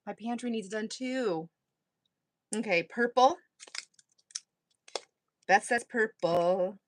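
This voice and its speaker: A woman's voice: medium pitch, slow pace, slight background noise. A woman hosting a craft live stream, chatting casually and rambling with frequent laughter. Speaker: craft channel host.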